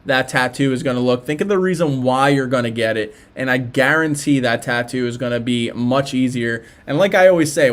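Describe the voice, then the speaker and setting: Laid-back Philly-accented young man. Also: medium pitch. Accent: Philadelphia. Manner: laid-back, rambling, with frequent fillers and restarts. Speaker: livestream host. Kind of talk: casual live-stream chat reacting to viewer messages.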